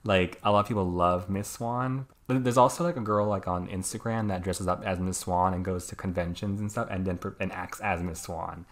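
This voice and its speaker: A man's voice: low voice, steady tone, normal speed, few pauses. A young man hosting a podcast, talking things over casually with many fillers and hedges. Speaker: podcast host. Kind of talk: casual conversation.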